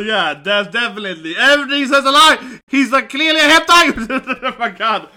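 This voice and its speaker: A man's voice: very high voice, expressive, a little fast, few pauses, pushed and bright. A man giving live reaction commentary, laughing often and exclaiming, tagging his lines with "right?" and "man". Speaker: reaction video host.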